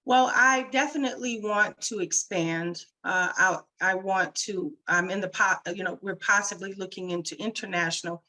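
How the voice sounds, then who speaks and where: A woman's voice: medium pitch, normal speed, hardly any pauses, bright, forceful tone, low-quality recording. A woman business founder telling her story in a casual interview, chatty and full of "you know" fillers. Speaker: small business founder, guest.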